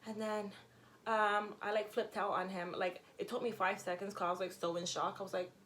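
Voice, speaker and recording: A woman's voice: mid-range voice, fairly quick, slight background noise. Candid young woman telling a storytime. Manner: candid, expressive storytelling with frequent fillers and swearing. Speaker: vlogger. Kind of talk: casual storytime vlog.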